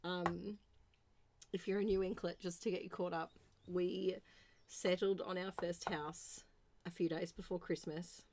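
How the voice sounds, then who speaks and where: Australian woman, thirties, rather low voice, chatty craft stream, rambling, murmurs to herself. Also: little pitch movement, a little slow, a little mellow, slight background noise. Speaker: art streamer. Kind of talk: casual chat while crafting.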